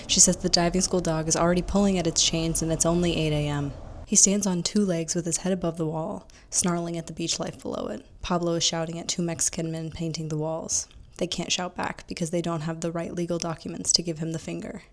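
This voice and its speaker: A woman's voice: fairly low pitch, flat delivery, a little fast. A woman casually retelling and commenting on a novel as a book reviewer, with asides.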